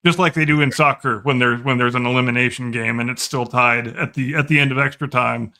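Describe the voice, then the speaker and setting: A man with a bright, forward-placed voice talks through an explanation in a relaxed podcast conversation. He goes on at length and often stumbles into repeated words as he restarts his sentences. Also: medium pitch, brisk. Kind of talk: casual chat.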